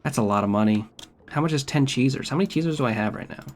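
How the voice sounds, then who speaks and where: A man's voice: mid-range voice, lively intonation, fast talker, slight background noise. Laid-back, swearing male streamer. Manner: profane, wry and laid-back. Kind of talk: casual gameplay commentary.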